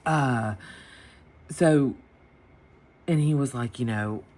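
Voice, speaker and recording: A woman's voice: rumbling low, extremely slow. A woman vlogger chatting at her home desk, animatedly retelling an embarrassing story and acting out the people in it. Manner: chatty, animated retelling with quoted voices and laughter. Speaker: planner vlogger. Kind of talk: casual storytelling while planning. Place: home desk with dogs nearby.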